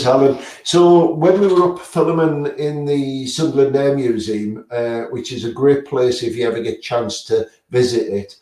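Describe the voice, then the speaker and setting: Halting man, roomy distant sound. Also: medium pitch, a little mellow. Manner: halting, many fillers and restarts. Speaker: guest paranormal investigator. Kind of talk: casual interview answers. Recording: roomy sound, away from the mic.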